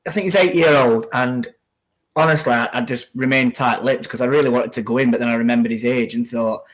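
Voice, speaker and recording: A man's voice: medium pitch, brisk. A man co-hosting a football watch-along, chatting and calling the live play. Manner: conversational, calls the live play as it happens. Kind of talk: casual football chat and live match commentary.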